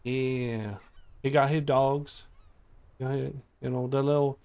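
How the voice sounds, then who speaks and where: A man's voice: medium pitch, flat delivery, slow, creaky, a little mellow, clear, resonant tone. A young man giving chatty, giggly commentary while streaming a game and reading choices aloud. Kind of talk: casual gaming commentary.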